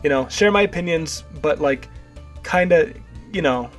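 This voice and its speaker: A man's voice: a little high, normal speed, faint music behind. A young man casually rambling and stammering through self-deprecating commentary while playing a video game. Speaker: gaming video host.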